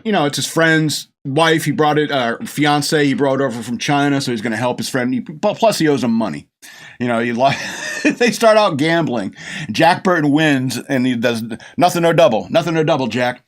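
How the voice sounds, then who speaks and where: In a casual movie review on his podcast, a middle-aged man rambles and gushes, acts out lines from the film, and laughs frequently. His voice sits in the mid range, and he keeps a moderate pace.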